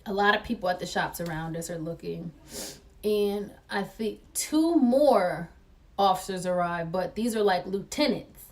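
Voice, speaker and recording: A young woman telling a story to the camera in an animated way, acting out the voices she quotes. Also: mid-range voice, a little slow, far from the mic. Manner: excitable, acts out quoted voices.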